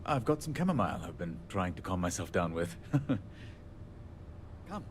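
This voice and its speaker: A man's voice: low voice, very animated, moderate pace, a little hiss or hum. An actor playing a short-tempered, self-deprecating male handyman in a video game, speaking in a wry, joking way. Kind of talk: video game character dialogue.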